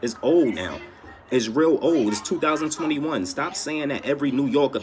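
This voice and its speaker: A man's voice: medium pitch, expressive, normal speed, darkish tone. A man with a New York accent ranting casually, emphatic and exasperated, often swearing. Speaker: reaction commentator. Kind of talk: casual reaction rant.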